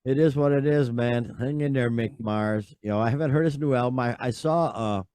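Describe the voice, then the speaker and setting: Mellow exasperated podcast host. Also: male voice, medium pitch, brisk, smooth, dry recording. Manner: rambling, exasperated, lots of fillers and sighs. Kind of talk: casual chat.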